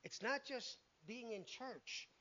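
A man's voice: extremely high pitch, animated, takes it slowly, pushed and bright, dull audio. A man preaching a sermon in an emphatic way, acting out the lines he quotes.

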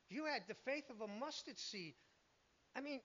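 A man's voice: very high-pitched, expressive, moderate pace, a bit bright, dull audio. A man preaching a sermon in an emphatic way, acting out the lines he quotes.

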